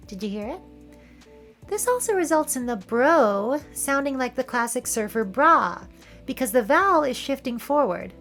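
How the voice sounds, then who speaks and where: A woman with a Californian Valley Girl accent talks casually over film clips, playful and wry. Her voice sits high. A little music plays softly underneath. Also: big pitch swings, moderate pace. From San Francisco area, California. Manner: playful, wry, joking asides. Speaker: video essay host.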